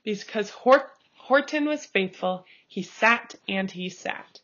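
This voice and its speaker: A woman reading a picture book aloud, slow and expressive, calling out the page turns. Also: medium pitch. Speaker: storybook reader. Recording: dull lo-fi recording.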